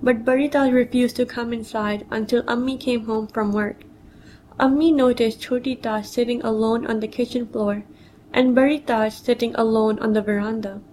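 A woman's voice: fairly high pitch, steady tone, normal speed, darkish tone, a little hiss or hum, low-quality recording. A woman reading a personal memoir story aloud, telling it plainly and quoting others in her own voice.

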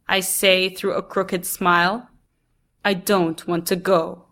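A woman reading a first-person story aloud in a measured, deliberate way. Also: lowish voice, flat delivery, a bit bright.

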